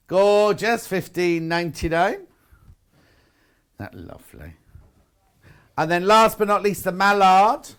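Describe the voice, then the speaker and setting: A man's voice: high voice, takes it slowly, pauses often, a bit bright, clear, resonant tone. Chatty man selling on air. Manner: chatty, upbeat, jokey. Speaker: shopping channel presenter. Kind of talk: live sales presentation.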